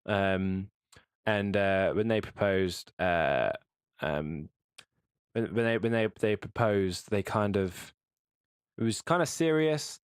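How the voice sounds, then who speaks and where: A man co-hosting a podcast in casual chat, halting and restarting often. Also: on the low side, lively intonation, smooth, dry recording, studio quality. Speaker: podcast co-host.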